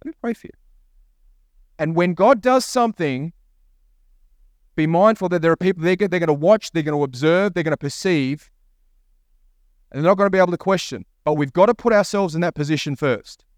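A man's voice: on the high side, a little fast, no room sound, clean studio sound. A man preaching a sermon as pastor, telling a story and acting out both sides of a conversation.

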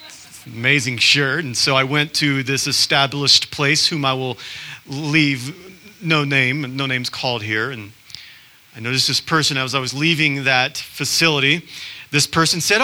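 A man's voice: medium pitch, moderate pace, sharp tone. A man preaching a sermon as pastor, telling stories in a conversational, self-deprecating way and acting out quotes.

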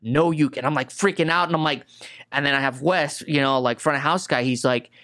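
A man's voice: medium pitch, brisk, pushed and bright. A man in casual chat, telling a tour story in a rambling way, swearing often and saying "dude" and "like" constantly. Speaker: guitar tech guest.

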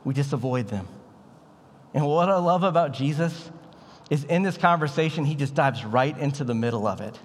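A man's voice: a little high, expressive, normal speed, slightly rough, big-room sound. A man preaching a sermon as a pastor, in a casual, conversational way with bits of slang. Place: church sanctuary.

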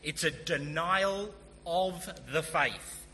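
A stern elderly preacher of great authority declaims with force, as a man puts him on. The tone is very bright and pointed. It rings out in a long hall reverb over a faint hum. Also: fairly high pitch, drawn-out words, voice pushed up, heavily acted. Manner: emphatic, loud, declaiming.

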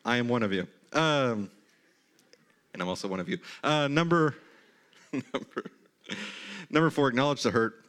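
A man in his thirties preaching a sermon in a church, talking in a conversational way with animated, mock-incredulous asides. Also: medium pitch, brisk, clear, resonant tone. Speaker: pastor. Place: church sanctuary.

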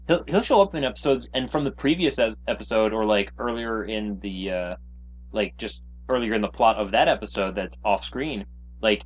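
A man co-hosting a podcast, chatting casually about a cartoon, lively and hesitant with fillers. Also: lowish voice, moderate pace, highs cut off. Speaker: podcast co-host. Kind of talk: casual chat reviewing a cartoon.

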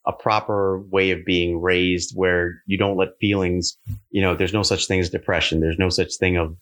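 A man with a Californian accent telling stories in a casual chat, animated and laughing often. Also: low voice, moderate pace.

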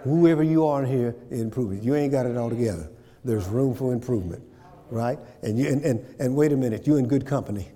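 A man's voice: medium pitch, fast, warm tone, in a large hall. A man preaching a sermon, repeating phrases and checking in with his congregation. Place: church.

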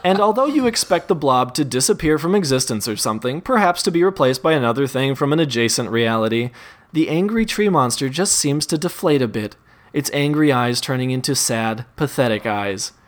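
A man's voice: mid-range voice, animated, brisk. A man narrating a second-person interactive story, amused and often laughing through his lines.

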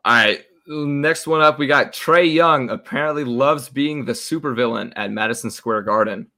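A man's voice: mid-range voice, moderate pace, sharp tone. A young man co-hosting a casual sports podcast, easygoing and moving the talk from topic to topic. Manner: easygoing, steers to next topic. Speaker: podcast co-host.

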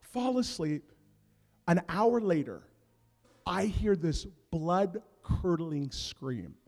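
A man with a fairly high voice preaches in a big hall, and his words ring out with a long echo. He tells his story with comic energy, going from quiet asides to loud bursts. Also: drawn-out words. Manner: animated comic storytelling, big swings in loudness. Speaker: pastor. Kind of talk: sermon. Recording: long reverb of a large hall.

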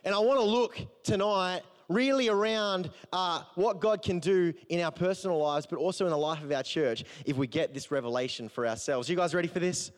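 High-voiced man preaching with humor. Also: brisk, hardly any pauses. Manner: conversational, humorous, animated storytelling. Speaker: pastor. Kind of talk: sermon with personal story.

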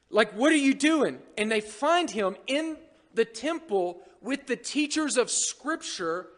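A man preaching a sermon as pastor, animated and joking with the congregation. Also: very high voice. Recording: long hall reverb.

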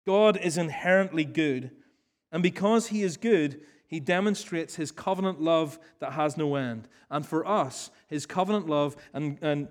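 A male pastor preaching an earnest sermon, repeating key phrases for emphasis and then leading a prayer. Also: on the high side. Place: church hall.

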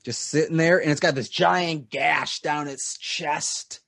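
A man narrating as game master of a tabletop game, rambling with many pauses. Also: on the high side, steady tone, vocal fry, fairly bright tone, dry recording, studio quality.

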